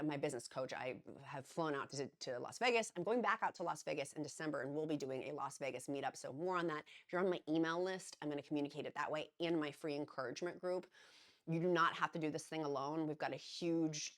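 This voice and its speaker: Woman vlogger, middle-aged, low pitch, earnest and chatty, rambly encouragement to camera. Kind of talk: casual encouraging talk to camera.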